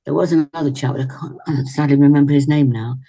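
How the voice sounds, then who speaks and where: Older actress from Leicester, England, as an interview guest; husky, animated storyteller with self-corrections, over a video call. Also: female voice, low voice, quick pace. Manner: chatty and animated, with little laughs and self-corrections. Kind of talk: reminiscing in a casual interview. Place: indoors at home.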